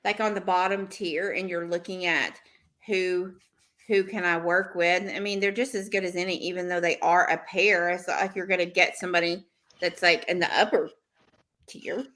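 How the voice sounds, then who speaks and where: A woman's voice: lowish voice, level tone, moderate pace, fairly bright tone. A woman hosting a podcast, chatting casually in a rambling, gossipy way full of fillers. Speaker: podcast host.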